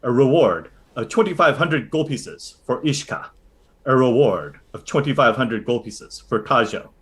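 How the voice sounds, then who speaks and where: A man narrating a tabletop role-playing game as game master, telling the story in a lively way with many fillers. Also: medium pitch, a little slow.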